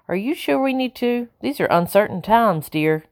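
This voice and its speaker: A woman voicing a portly, pompous colonial gentleman who speaks gruffly and dismissively. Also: on the high side, expressive, normal speed, pitched above the performer's own voice. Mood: grumbling.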